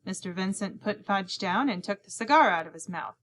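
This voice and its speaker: A woman reads a children's novel aloud with lively intonation, a medium pitch, a fairly bright tone and a slightly fast pace. As the audiobook narrator, she voices a young boy in the first person and acts out each character's lines in this scripted narration.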